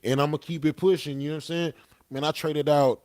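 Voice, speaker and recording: A man's voice: fairly high pitch, fairly even intonation, quick pace, darkish tone. A young man telling a story casually as a podcast guest, laid-back and profane, often tagging lines with "you know what I'm saying.".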